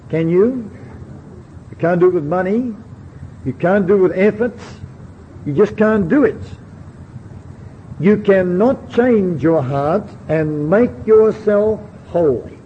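A man preaching a sermon, earnestly putting questions straight to his listeners. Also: high voice. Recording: dull lo-fi recording with faint hiss.

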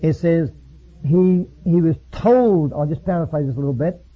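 A man preaching a sermon, reading passages aloud slowly and solemnly, then explaining in his own words with some restarts. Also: fairly high pitch, breathy edge. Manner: reads slowly and solemnly, then speaks freely with repeats. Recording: phone-like lo-fi line.

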